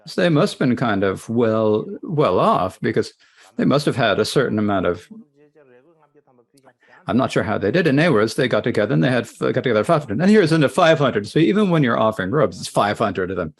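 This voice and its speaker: Gravelly man retelling a Buddhist tale. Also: medium pitch, big pitch swings, a little fast. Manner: plain, repetitive storytelling with asides. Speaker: interpreter of a Buddhist teaching. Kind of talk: retelling a scripture story in a lecture.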